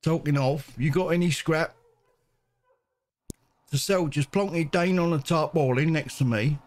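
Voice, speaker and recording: A man's voice: on the high side, measured pace, natural voice. A man reading aloud a chatty northern male scrap merchant in a put-on Geordie accent, in a folksy, rambling way. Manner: folksy, rambling, read aloud from game text.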